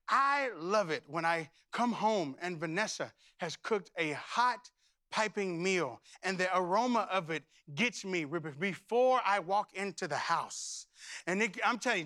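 A middle-aged preacher man with a high, bright voice. He tells stories and then builds to loud, declaring calls. His voice sounds close and dry. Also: no room sound. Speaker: pastor. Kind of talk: sermon with storytelling.

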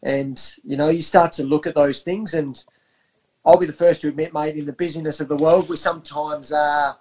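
An Australian wellbeing coach in his thirties, guesting on a podcast, speaks at a moderate pace in a slightly high, slightly mellow voice with fairly even intonation. It's a casual interview chat, and he talks earnestly and reflectively, full of fillers and restarts.

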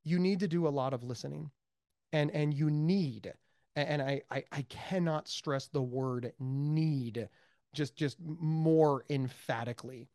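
An American man being interviewed as a mental health advocate, speaking emphatically and with high energy, repeating words for stress. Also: unhurried, mellow, dry recording, clean studio sound. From United States. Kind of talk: animated interview talk.

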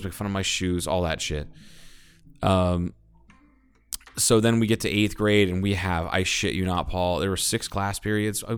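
A man's voice: lowish voice, clear, resonant tone. A man from Ohio, co-hosting a podcast, tells a rambling, profanity-filled story with lots of restarts. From Ohio, United States. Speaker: podcast co-host. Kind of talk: casual storytelling chat.

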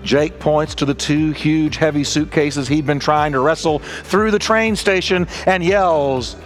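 A man's voice: fairly high pitch, measured pace. A man preaching a sermon as pastor, telling stories and acting out the characters' lines with emphatic delivery. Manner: storytelling preacher, acting out voices in a joke.

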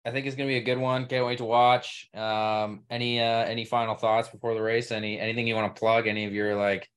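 A man co-hosting a podcast, talking in a relaxed, rambling way with many fillers. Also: medium pitch, fast talker, smooth. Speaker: podcast co-host. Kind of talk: casual chat.

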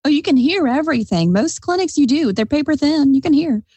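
A woman's voice: sits high, lively intonation, fairly quick, warm tone, dry recording, rough recording. Woman podcast host, chatty and candid, dry close recording. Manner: chatty, frank, joking. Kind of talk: casual podcast chat.

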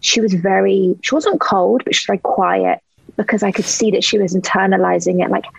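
A woman's voice: mid-range voice, a little fast, vocal fry, husky, dry recording, low-quality recording. A woman, a podcast guest talking candidly, earnest and thoughtful as she searches for words. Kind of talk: candid interview talk.

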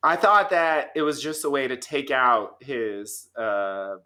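A man's voice: mid-range voice, lively intonation, slow, pushed and bright. A man in a casual podcast discussion, hesitant and full of restarts and "like".

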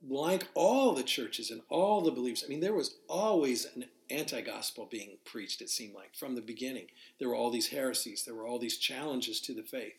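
With a mid-range voice and a roomy sound, a man teaches the Bible verse by verse as a pastor over a live broadcast. He talks in a casual, unscripted manner, frequently restarting sentences, using fillers and spelling out Greek words.

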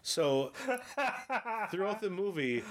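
A man's voice: sits high, big pitch swings, extremely slow, a crowd in the background. Sweary rambling man chatting about a movie. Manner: rambling, sweary, acts out quotes. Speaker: podcast co-host. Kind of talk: casual movie chat.

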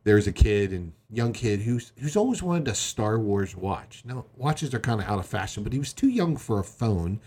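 Husky-voiced man preaching earnestly. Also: medium pitch, big pitch swings, moderate pace, mellow. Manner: earnest, emphatic preaching with acted-out quotes. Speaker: pastor. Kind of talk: sermon.

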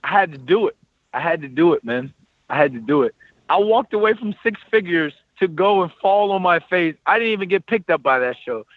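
A man in his thirties casually telling a personal story, animated and acting out what others said. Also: sits high, a little fast, dry recording, narrow, tinny audio. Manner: animated, quotes people in lively voices.

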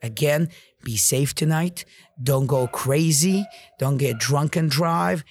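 A man's voice: fairly high pitch, slow pace, husky. A man hosting a casual motivational podcast monologue, blunt and profane, with lots of "like" and "you know". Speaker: podcast host and business owner.

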